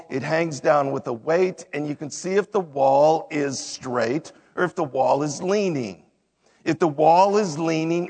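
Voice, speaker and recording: A man giving a sermon, reading verses aloud and then explaining them in plain words. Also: on the high side. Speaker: preacher. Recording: long hall reverb.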